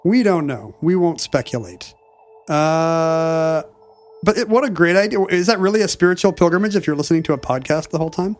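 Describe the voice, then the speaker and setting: A chatty man with a slightly high voice co-hosts a podcast. He reads listener mail aloud with dry, joking asides. Faint music sits behind him. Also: expressive, fairly quick. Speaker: podcast co-host. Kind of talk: casual chat.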